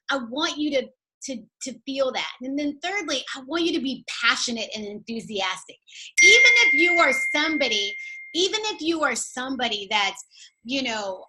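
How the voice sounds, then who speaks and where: A woman with a high, bright voice gives a peppy motivational training talk. She coaches her listeners with cheerleader-like energy and keeps the sound lively and upbeat. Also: poor audio. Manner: enthusiastic, coaching. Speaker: network marketing trainer.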